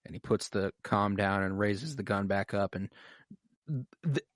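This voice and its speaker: In a studio-quality recording with no echo, a man with a fairly low voice speaks at a measured pace. He's a podcast co-host recapping a TV episode in casual chat, animated and swearing often as he acts out scenes with emotion.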